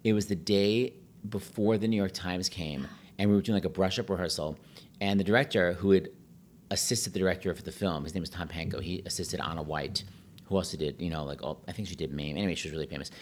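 Rapid-fire and lively, a man spins stories in a relaxed podcast chat, where he's the guest; he's a pianist and hosts on Broadway. Quoting others, he switches to high, affected voices.

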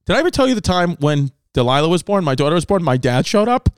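A brash, foul-mouthed male comedian runs a podcast segment, reading odd facts and riffing on them loudly. His voice sits a bit high for a man. The sound is close and dry, with no room in it. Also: quick pace, smooth, dry recording. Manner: loud, brash, swears a lot, animated voices for others.

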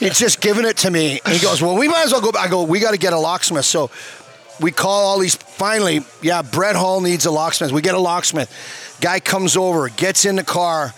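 A middle-aged man with a noticeably high speaking voice tells a rowdy story. His delivery is animated and full of swearing. He keeps checking in with his listeners as the casual chat goes on. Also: normal speed, faint music behind. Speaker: guest, former hockey player. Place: bar.

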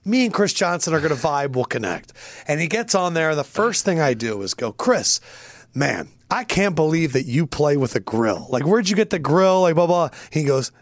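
A man's voice: on the high side, sing-song, fairly quick, no echo. A young man co-hosting a sports podcast, firing off curious questions and telling self-mocking stories. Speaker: podcast co-host. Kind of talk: casual sports chat.

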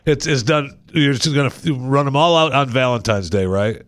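A man's voice: mid-range voice, moderate pace, no echo. A man hosting a radio talk show, chatting casually and jokingly and often repeating himself.

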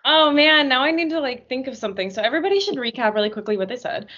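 Young female panel guest, high and lively, bright tone, lo-fi sound. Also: rapid-fire. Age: young adult. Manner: excitable, lots of likes. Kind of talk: casual radio chat.

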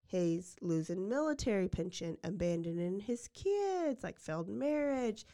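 A woman's voice: mid-range voice, a little slow. Chatty woman telling a true-crime story. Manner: animated, slangy, recounts the case blow by blow. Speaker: podcast co-host.

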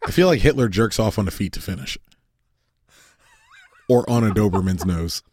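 A man's voice: on the low side, expressive, normal speed, a little mellow, husky. A man in his thirties co-hosting a podcast, rambling and swearing, laughing often through crude banter. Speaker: podcast co-host.

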